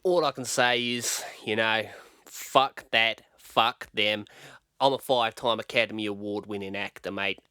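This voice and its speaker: A man's voice: lowish voice, fairly even intonation, measured pace, sharp tone, smooth, dry recording, studio quality. A man playing a crude, arrogant Australian film star in a comedy radio sketch, swearing constantly and calling everyone mate. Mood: ranting. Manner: foul-mouthed, keeps saying mate. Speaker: interview guest.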